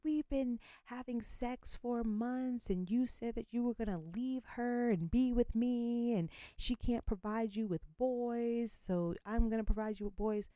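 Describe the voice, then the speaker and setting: Woman mimicking a shrill, accusing other woman. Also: measured pace, hardly any pauses, mellow, no room sound, lightly acted. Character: angry young woman, the other woman, demanding.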